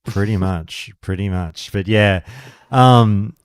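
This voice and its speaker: A man's voice: on the low side, slow pace, clear, resonant tone, dry recording, studio quality. A man, hosting a casual podcast chat, ranting and swearing as he gets heated. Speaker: podcast host.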